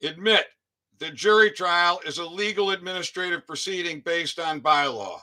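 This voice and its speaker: Man, slightly high and sharp-toned, reading formal claims aloud. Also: a little slow. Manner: reads formal statements with muttered asides. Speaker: citizen activist. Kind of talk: reading a legal document aloud.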